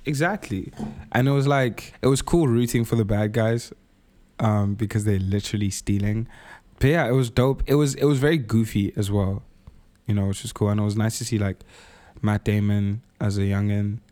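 A man's voice: lowish voice, normal speed, dark tone. A man co-hosting a podcast in casual chat, blunt and enthusiastic, swearing freely. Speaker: podcast co-host.

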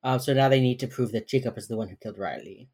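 Very low-voiced young woman, casual. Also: fast talker, darkish tone, breathy edge. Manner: chatty, swears freely, acts out quotes. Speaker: podcast co-host. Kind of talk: casual recap chat.

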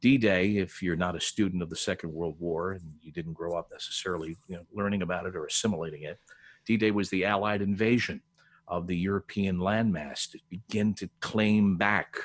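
As a guest on a podcast, an older veteran broadcaster rambles through his stories, with frequent restarts and laughs throughout the casual conversation. His voice is low and steady in tone, and he talks briskly.

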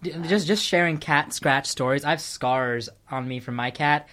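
A man's voice: on the high side, bright, forceful tone. A young man hosting a casual podcast, telling rambling stories with frequent laughter. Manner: rambling, laughs often, quick storytelling bursts. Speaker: podcast host.

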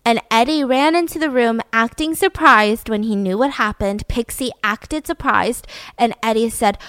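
A woman's voice: a little high, normal speed, fairly bright tone, smooth, no echo, studio quality. A young adult woman telling a true-crime story in a casual, blunt way, swearing and using lots of "like". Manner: chatty, blunt, swears, fills with "like". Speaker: podcast host.

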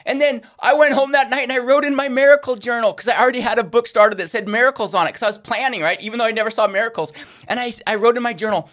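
Male preacher, middle-aged, high-pitched, animated storyteller. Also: fast talker. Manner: animated, acts out quoted voices. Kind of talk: sermon storytelling.

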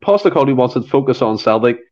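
A man's voice: mid-range voice, lively intonation, fast talker, darkish tone. Riled-up Scottish man, lo-fi audio. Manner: riled up, emphatic. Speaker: podcast guest. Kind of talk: casual chat. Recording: dull lo-fi audio.

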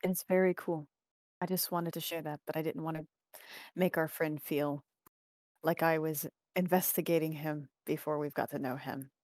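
A woman's voice: low voice, fairly even intonation, normal speed, darkish tone, no echo, studio quality. A woman playing a character in a casual tabletop game, chatting in and out of character. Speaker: player.

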